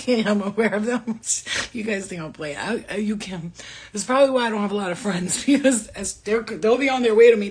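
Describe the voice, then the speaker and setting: A woman's voice: mid-range voice, brisk, a little mellow, husky. A middle-aged woman talking casually as a spiritual medium, laughing often, swearing and speaking animatedly. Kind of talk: casual livestream talk.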